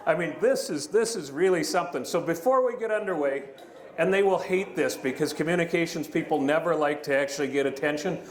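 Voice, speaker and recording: Speaking fairly quickly in a slightly high voice, a middle-aged man gives a county address before a live audience in a big hall. He keeps it joking, folksy and conversational, a public speech peppered with humor. Faint room noise and echo fill the recording.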